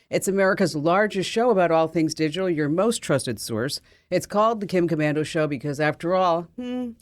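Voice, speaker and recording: A woman hosting a radio talk show with an energetic, showy and emphatic delivery. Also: low-pitched, no echo.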